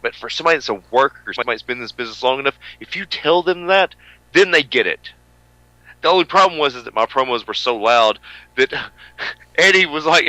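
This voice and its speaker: A man co-hosting a wrestling radio show, with a booming voice that swings between hollering and low mutters. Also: bright, forceful tone, dry recording, muffled recording. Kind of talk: loud rambling radio banter.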